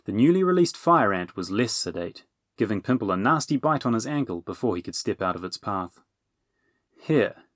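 A man narrating a children's fantasy audiobook with expressive storytelling. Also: lowish voice, a little fast, no echo, studio quality.

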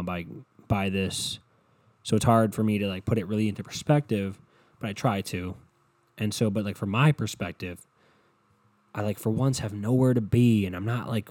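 Profane, rambling man with a dark voice. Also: fairly low pitch, no room sound. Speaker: podcast host. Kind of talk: solo podcast monologue. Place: bedroom at home.

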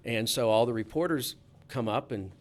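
A man's voice: medium pitch, moderate pace. A man, a sports reporter, telling a casual anecdote in a chatty, easygoing way with frequent restarts.

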